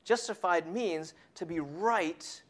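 A preacher giving a sermon who tells a family story and drops to a hushed whisper on key points. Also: medium pitch, animated, a little slow.

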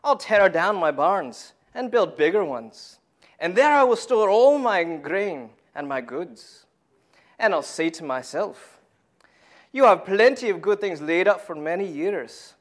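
A man's voice: sits high, big pitch swings, unhurried. A man putting on a Scottish rich farmer. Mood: pleased scheming. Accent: put-on Scottish. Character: boastful rich male farmer, Scottish accent.

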